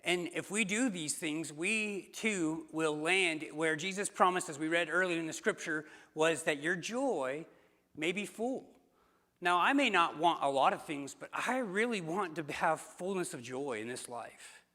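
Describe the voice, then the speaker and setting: A man's voice: on the high side, lively intonation, measured pace, bright, forceful tone. A man preaching a sermon as pastor, telling a story in a conversational way with fillers and restarts. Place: church sanctuary. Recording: long church hall reverb.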